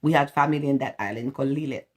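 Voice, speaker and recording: A woman from Haiti, the host's mother, is interviewed and tells family stories in a Haitian accent, laughing often. She's a lively, animated storyteller whose extremely low voice races along.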